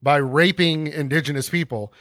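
A man's voice: a little high, fairly even intonation, moderate pace, a bit bright, no echo. A man hosting a podcast, explaining history casually, ranting and acting out scenes in comic voices. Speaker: podcast host.

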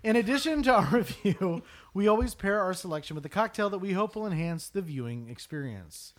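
A man's voice: sits high, brisk. A man hosting a movie podcast with friends, reading the show intro and often breaking into laughs. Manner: laughs through lines, lively and animated. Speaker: podcast host. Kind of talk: casual podcast chat and scripted intro.

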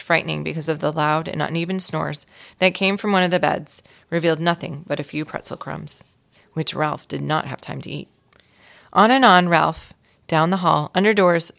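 A woman with a low, gravelly voice reads a children's chapter book aloud. She tells it expressively, as a guest reader for young listeners. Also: fairly bright tone.

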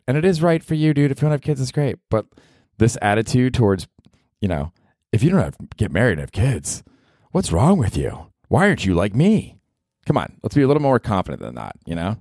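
With a lowish, darkish voice that swings widely in pitch, this man talks fairly quickly on a dry, clean studio recording. He is a Southern US podcast host in his forties, rambling casually by himself, swearing, and laughing frequently.

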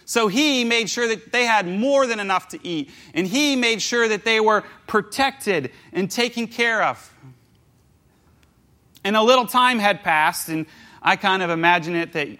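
A man preaching a casual sermon, retelling a story in an animated, jokey way and briefly acting out the people in it. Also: sits high.

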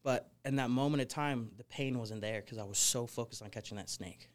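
This snake wrangler, a young man guesting on a podcast, speaks briskly in a mid-range voice. His life story comes out loose and lively, wandering all over and packed with "you know" and "like."

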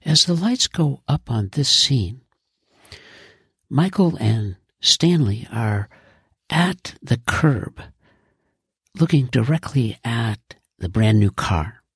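A man reads the narration of an audio play slowly and with care. His voice is very husky and close-miked in a dry space. He speaks at a relaxed pace. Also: medium pitch, dry recording. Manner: slow and measured. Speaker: writer and narrator. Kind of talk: scripted narration.

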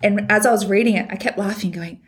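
A woman on a book podcast, agreeable and quick to chime in with "yeah". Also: medium pitch. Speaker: book club podcast panelist. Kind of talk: casual chat.

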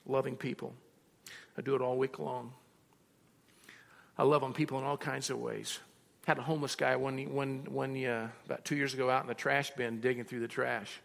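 A male pastor delivering a sermon full of personal stories, his voice gravelly with vocal fry. He acts out both sides of his conversations as he tells them. The sound rings with the long reverb of a large hall. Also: medium pitch, flat delivery, moderate pace, fairly bright tone.

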